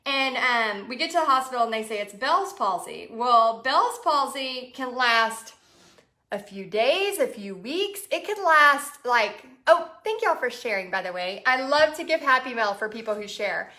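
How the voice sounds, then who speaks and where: A woman's voice: fairly high pitch, expressive, unhurried, pushed and bright. A chatty woman with a Texan accent, hosting a casual livestream, laughing often and reading out viewer comments. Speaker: art business coach host.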